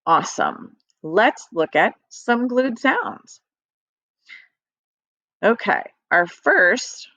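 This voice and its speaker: Lady teacher doing a phonics lesson for little kids, slow and chirpy, dry close sound. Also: mid-range voice, expressive, sharp tone, no room sound. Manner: upbeat, sing-song teacher voice talking to young children. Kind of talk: recorded classroom phonics lesson.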